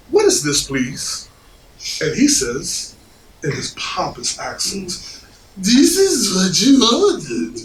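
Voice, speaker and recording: Actor as a high, expressive, slow-spoken earnest dad; stage recording from far off with audience noise. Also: male voice, echoey room, exaggerated voice. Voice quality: animated storyteller, puts on a pompous French waiter voice. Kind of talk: stage play acting. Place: small theater stage.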